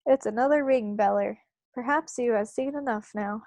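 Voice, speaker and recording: A woman reading aloud and voicing a huge, gentle old male giant who talks in quirky broken grammar. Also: fairly high pitch, normal speed, dry recording, close to an everyday voice.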